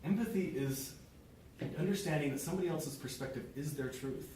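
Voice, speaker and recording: A man's voice: a little high, fairly quick, darkish tone, a little hiss or hum. A man giving a prepared speech to a small club audience, earnest, acting out short example dialogues. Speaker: club speaker. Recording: very echoey room, mic far off.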